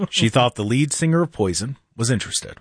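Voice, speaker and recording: A middle-aged man hosting a radio talk show, telling stories in a lively casual way and acting out what people said. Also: mid-range voice, moderate pace, husky, no room sound, studio quality. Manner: animated storyteller, acts out quotes.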